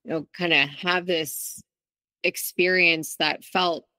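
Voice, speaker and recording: A woman's voice: lowish voice, fairly even intonation, takes it slowly, bright, forceful tone, no room sound. A woman guest in an interview, telling her own story in a candid, reflective way with frequent restarts. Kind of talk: interview, personal account.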